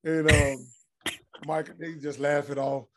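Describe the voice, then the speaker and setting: A very noisy recording captures a middle-aged retired pro basketball player taking his time in a fairly high voice. As a podcast guest in a casual interview, he tells animated anecdotes that are blunt and heavy on profanity.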